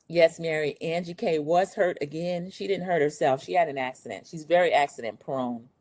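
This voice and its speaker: A middle-aged woman with a somewhat low voice talks through a reality show recap. She is chatty and opinionated, like a host chatting with her regular viewers. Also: moderate pace, hardly any pauses, a little mellow. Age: Gen X, 40s to 50s. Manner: chatty and opinionated, acts out quotes in a raised voice. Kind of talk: casual opinionated commentary.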